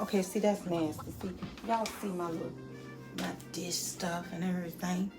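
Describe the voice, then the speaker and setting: A woman talks through a movie review in a chatty, expressive way, speaking straight to her viewers and calling them honey. Her voice sits at a middle pitch for a woman, and faint music plays softly behind her. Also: normal speed. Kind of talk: casual spoken movie review. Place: at home near her dishes.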